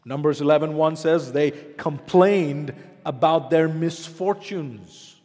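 A man's voice: fairly high pitch, slow pace, a little mellow, long reverb tail. A man preaching a sermon as pastor, asking the congregation rhetorical questions.

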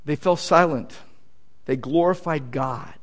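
High-voiced pastor preaching emphatically. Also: male voice, slow pace. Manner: earnest, emphatic preaching with repeated stresses. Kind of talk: sermon.

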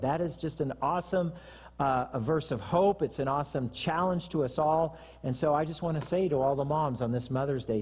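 A man preaching a sermon as pastor, in a conversational way with joking asides and a husky voice. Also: fairly high pitch, a little mellow. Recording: reverberant hall.

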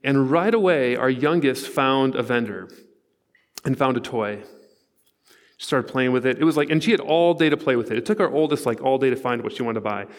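A man's voice: medium pitch, brisk, big-room sound. A man in his forties preaching a sermon, telling stories in an earnest, conversational way with asides to the congregation. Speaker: pastor. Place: church sanctuary.

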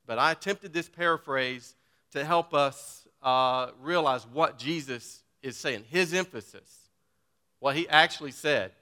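A man preaching a sermon as pastor, first reading scripture, then talking casually with filler words and building to emphatic, forceful points. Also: a little high, unhurried, long reverb tail. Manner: reads scripture, then talks informally and grows emphatic.

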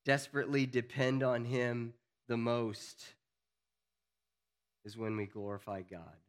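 A man preaching a sermon as pastor, earnest, building to emphatic peaks and then dropping low and quiet. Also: level tone, measured pace.

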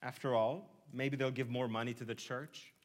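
A man delivers a sermon at a moderate pitch, drawing listeners in with humorous everyday scenes. His preaching moves between wry asides and earnest teaching. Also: steady tone, normal speed. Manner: humorous, vivid storytelling with asides. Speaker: pastor.

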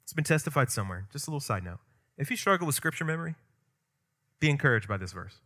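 A man preaching a sermon as pastor, emphatic and conversational, swinging from loud stressed points to quiet asides. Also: fairly high pitch. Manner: conversational with asides and light humor.

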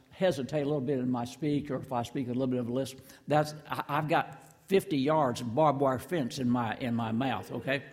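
An older man preaching a sermon, folksy and halting, with frequent restarts and asides to the congregation. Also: mid-range voice, a little mellow, in a large hall. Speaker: pastor. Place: church sanctuary.

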